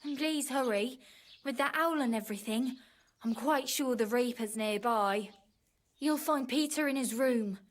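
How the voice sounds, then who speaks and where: A woman's voice: a little high, measured pace, natural voice. A woman voicing an anxious peasant wife who pleads earnestly and guards what she owns. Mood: pleading.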